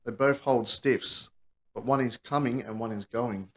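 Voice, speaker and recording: A man's voice: medium pitch, unhurried, a bit bright. A man co-hosting a podcast, trading one-liners and swearing casually. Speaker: podcast co-host. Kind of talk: casual banter.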